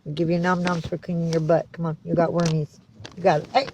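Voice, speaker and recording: A woman's voice: fairly low pitch, flat delivery, quick pace, noisy background. A woman on a casual livestream, cooing baby talk to her cats.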